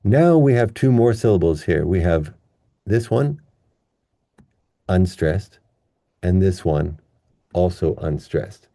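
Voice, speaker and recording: A man gives a patient, playful pronunciation lesson. His voice sits low and sounds very dark and mellow. He talks at an unhurried pace. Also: lively intonation, no echo, clean studio sound. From Canada. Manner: patient, playful, drawn-out demonstration words. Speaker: English pronunciation teacher.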